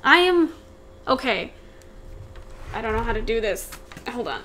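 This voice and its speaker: High-voiced young woman telling a rambling story. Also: big pitch swings, a little slow, pushed and bright, a little hiss or hum. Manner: rambling, repeats herself, acts out quotes. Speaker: podcast co-host. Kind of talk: casual storytelling chat.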